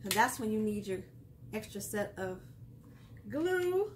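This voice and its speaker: A woman's voice: mid-range voice, very animated, measured pace, slight background noise. A woman hosting a casual craft tutorial, chatty and laughing often as she explains each step while she works. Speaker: craft video host.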